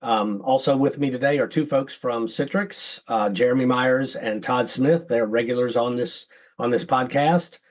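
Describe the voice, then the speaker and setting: A man's voice: medium pitch, normal speed. A man hosting a tech podcast in a loose, casual way, often restarting his sentences. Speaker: podcast host.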